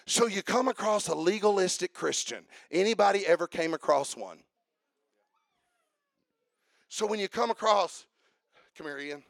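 Male pastor, high voice, emphatic and repetitive, shouts his points, dry close sound. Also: moderate pace, vocal fry, no room sound. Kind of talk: sermon. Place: church.

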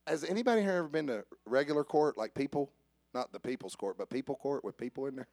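A man preaching a sermon. He jokes with the congregation and swings from soft asides to raised calls. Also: medium pitch, expressive, fast, no room sound. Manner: joking with the congregation. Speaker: pastor. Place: church service with instrument behind.

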